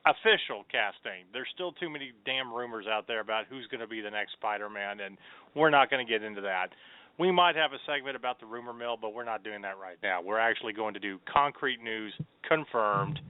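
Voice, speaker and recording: A man's voice: lowish voice, a little fast, smooth, dry recording. A man hosting a casual nerd talk show, upbeat and chatty, with rambling fillers. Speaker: podcast host. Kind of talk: casual radio show chat. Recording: tinny phone-like sound.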